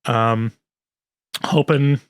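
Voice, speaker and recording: A man's voice: medium pitch, extremely slow, clear, resonant tone, dry recording, clean studio sound. A man co-hosting a podcast, chatting loosely with lots of fillers and jokes. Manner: loose, filler-heavy, joking. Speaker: podcast co-host. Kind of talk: casual podcast chat.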